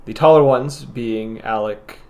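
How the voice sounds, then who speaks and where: Male game master, mid-pitched, describes scenes in a halting, filler-laden way. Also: darkish tone. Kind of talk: narrating a tabletop game.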